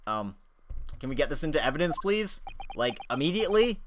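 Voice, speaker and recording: A man's voice: on the high side, very animated, a little fast, background noise. A man doing a stammering young lawyer. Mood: flustered. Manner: hesitant and stammering. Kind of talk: game playthrough voice acting.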